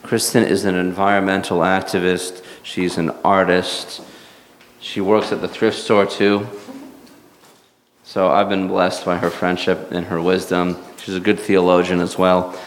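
A man hosting a church gathering, introducing the speaker in an unhurried way. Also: low voice, level tone, roomy sound, in a large hall, slight background noise. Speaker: church host.

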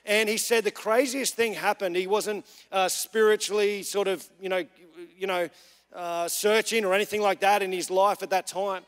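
High-voiced man preaching in a reverberant church. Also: fairly even intonation, moderate pace, a bit bright. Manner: earnest storytelling with frequent fillers. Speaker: young adults pastor. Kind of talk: church sermon. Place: large church hall. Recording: long reverb of a church hall.

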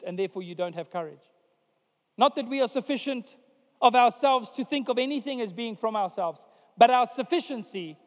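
A male pastor delivering a sermon to his church, preaching with emphatic rises and slow, drawn-out lines. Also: high-pitched, a little mellow. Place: church sanctuary. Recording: dull sound with long hall reverb.

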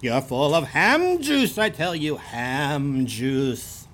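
A man's voice: a little high, big pitch swings, drawn-out words, mellow, slight background noise, exaggerated voice. A man with a lisp voicing a folksy upper-Midwest local who scolds in a broad, laughing drawl. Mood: mock scolding.

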